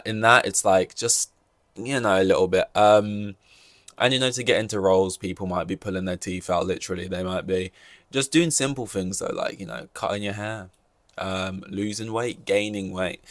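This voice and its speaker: A man's voice: fairly low pitch, a bit bright, no room sound, clean studio sound. A man hosting a solo podcast, rambling and joking through casual chat with many fillers and restarts. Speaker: podcast host.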